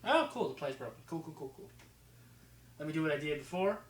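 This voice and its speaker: A man's voice: a little high, expressive, brisk, reverberant, a little hiss or hum, poor audio. Casual rambling man with slight New Jersey accent. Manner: rambling, casual, fillers and restarts. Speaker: football film breakdown host. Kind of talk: casual commentary over game film.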